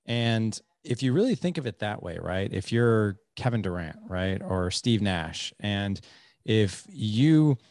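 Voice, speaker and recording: Animated male podcast host, low and dry. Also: takes it slowly, no echo. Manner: animated, many restarts and "like", "right?". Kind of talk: casual conversational chat.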